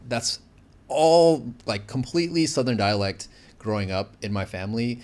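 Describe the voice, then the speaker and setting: A man's voice: medium pitch, steady tone, normal speed, a little mellow. A man from the United States chatting animatedly as a guest in a casual interview, with frequent fillers.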